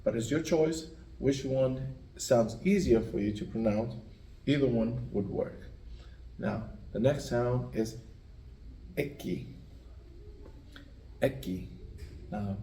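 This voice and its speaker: A man, teaching the alphabet by slowly repeating each letter sound. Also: mid-range voice, dark tone, a little hiss or hum. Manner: slow, repetitive letter drilling. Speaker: language teacher. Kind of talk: spelling out the Spanish alphabet. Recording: echoey room, mic at a distance.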